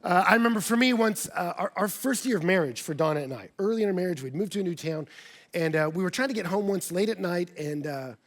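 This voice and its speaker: A man, a pastor, preaching a sermon with personal storytelling, animated and acting out quoted dialogue. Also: quick pace. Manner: animated, acts out quoted dialogue with big pitch jumps.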